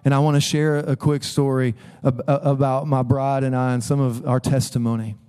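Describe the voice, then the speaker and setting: A man preaching a sermon as a pastor, conversational and animated, acting out voices as he tells stories. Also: medium pitch, normal speed, clean tone. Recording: long hall reverb.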